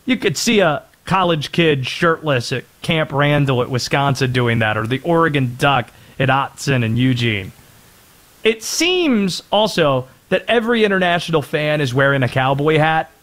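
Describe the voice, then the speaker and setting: A man hosting a sports talk radio show, animated and joking, sometimes putting on silly voices. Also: a little high, a little slow.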